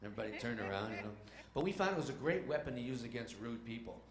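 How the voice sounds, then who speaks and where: A man's voice: mid-range voice, animated, fast. A man telling comic stories on a theater stage, acting out voices and engine noises. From New York. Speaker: stage comedian. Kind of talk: stand-up storytelling. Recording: echoey theater with audience noise.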